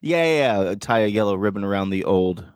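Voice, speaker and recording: A very deep-voiced man in his thirties trades crude jokes as a podcast co-host. His talk is animated and loose, and the sound is dry and close with no room echo. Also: a little fast, clear, resonant tone. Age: 30s. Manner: animated, joking, swears freely. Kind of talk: casual chat. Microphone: remote call setup.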